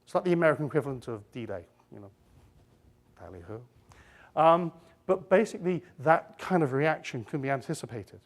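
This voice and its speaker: A man's voice: on the high side, expressive, fairly quick. A middle-aged man giving a live conference talk on a stage. He rambles, keeps breaking off mid-sentence to restart, and throws in joking asides. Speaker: conference speaker.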